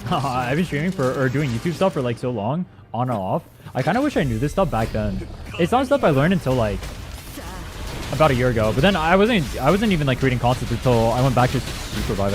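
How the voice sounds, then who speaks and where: A man's voice: mid-range voice, animated, fast talker. Chatty young man streaming with game music. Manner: rambling, chatty, swears casually. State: slightly strained throat. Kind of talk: casual gaming stream chat.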